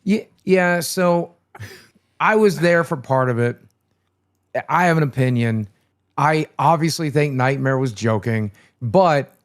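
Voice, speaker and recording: A man on a live stream panel giving his opinion in a tired, low-energy way. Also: slow. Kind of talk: casual chat.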